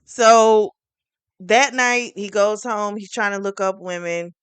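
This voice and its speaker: A woman's voice: medium pitch, takes it slowly, clean tone, no echo. Chatty woman retelling a book. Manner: chatty, animated storytelling with fillers. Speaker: book reviewer. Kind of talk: casual book review retelling.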